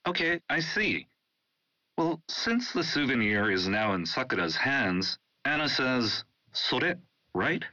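A man co-hosting a language lesson, asking and confirming points briskly. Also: medium pitch, very animated, pushed and bright, no echo. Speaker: co-host learner. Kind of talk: scripted lesson dialogue. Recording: dry, dull studio sound.

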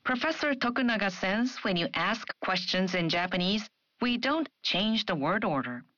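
A woman presenting a language lesson in a clear, measured, explanatory way. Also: mid-range voice, lively intonation, a bit bright, no room sound. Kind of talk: scripted educational narration. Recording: muffled studio broadcast audio.

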